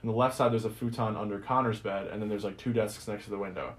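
A man's voice: fairly low pitch, fairly even intonation, fast talker. A young man in casual conversation on a podcast, rambling through a story and swearing freely. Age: young adult. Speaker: podcast host. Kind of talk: casual chat.

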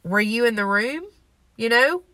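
A woman's voice: fairly high pitch, expressive, a little slow, bright, forceful tone, dry recording. A young woman hosting a faith podcast, talking in an earnest, emotional and confessional way. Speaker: podcast host. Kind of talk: personal faith podcast talk.

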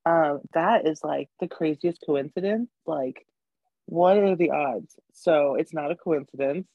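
Lower-voiced woman on a video call. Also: unhurried, no echo, narrow, tinny audio. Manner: easygoing, laughs along. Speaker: podcast co-host. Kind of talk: casual chat. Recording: video call with faint background hiss.

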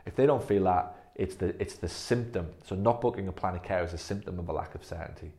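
A man's voice: low voice, fast talker, few pauses, mellow. A man leading a staff training session, blunt and emphatic, swearing freely. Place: physio clinic room.

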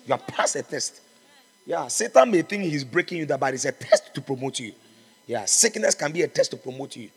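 A man's voice: mid-range voice, very animated, brisk, slightly rough, long reverb tail. A man preaching a sermon as pastor, fervent and exhorting, calling out to his congregation. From Ghana.

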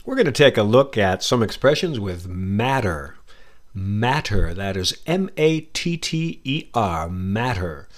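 A man's voice: medium pitch, big pitch swings, a little slow, few pauses. An American man hosting an English-learning podcast, explaining expressions in a chatty, friendly way. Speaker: English teacher podcast host. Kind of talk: casual English lesson.

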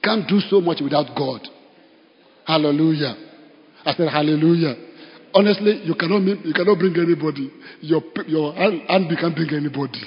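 A Nigerian man preaches in a church, telling stories with animated energy and breaking into laughter, his voice sitting a little high for a man. The sound is dull and carries a long echo from the hall. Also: normal speed. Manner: storytelling, animated, bursts of laughter. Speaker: pastor. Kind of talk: sermon.

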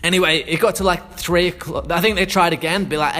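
A man's voice: a little high, fairly quick, hardly any pauses, sharp tone, soft background music. A man telling a story in a loose, rambling way, swearing freely, with many fillers and restarts. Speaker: sales consultant. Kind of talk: casual storytelling.

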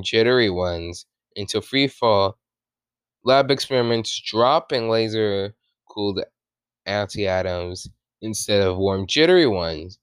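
A man's voice: on the low side, clean tone, dry recording. A man casually reading a science article aloud with his own commentary, often stumbling, rereading and correcting himself.

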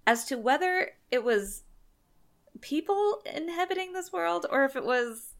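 A woman's voice: high voice, expressive, a little slow. A woman hosting a podcast in casual chat, talking things through with many fillers. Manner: chatty, thinks aloud with fillers. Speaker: podcast host.

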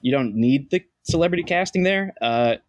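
A man's voice: fairly high pitch, animated, moderate pace, no echo. A man co-hosting a podcast in casual, joking chat, trailing off with fillers. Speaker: podcast co-host.

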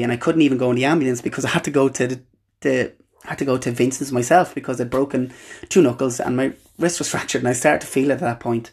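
In a husky, medium-pitched voice, a young Irish man hosting a podcast shares a personal story, earnest and halting with many restarts.

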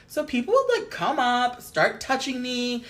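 A woman's voice: on the high side, very animated, measured pace, a bit bright. A young adult woman co-hosting a casual chat podcast, telling stories with plenty of swearing and laughter. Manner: storytelling, swears freely, laughs often. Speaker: podcast co-host.

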